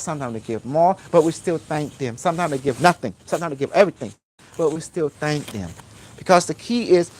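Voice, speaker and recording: Man rambling in broken English. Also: fairly high pitch. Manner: broken English, repetitive, emphatic. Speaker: spiritual teacher. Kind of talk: rambling informal lecture.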